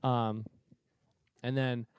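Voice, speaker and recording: A young man from Cape Cod is co-hosting a podcast and telling a story in a loose, casual way. He swears often and laughs easily. His voice sits at an ordinary pitch and sounds close and dry. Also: very slow, clear, resonant tone, dry recording. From Cape Cod, Massachusetts. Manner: profane, animated, laughs a lot. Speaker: podcast co-host.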